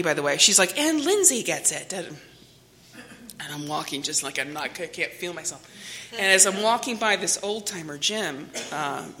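Middle-aged woman, AA speaker, candid and self-mocking, slightly low voice with a bright edge. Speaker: AA meeting speaker. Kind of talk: personal recovery story.

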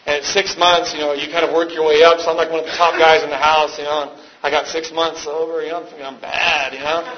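A man shares his recovery story with a meeting crowd in a loose, rambling way, poking fun at himself and laughing often. The recording is muffled and lo-fi, with steady noise underneath. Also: a little high, fast talker, hardly any pauses. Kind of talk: personal story told to a live meeting. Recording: dull lo-fi with background noise.

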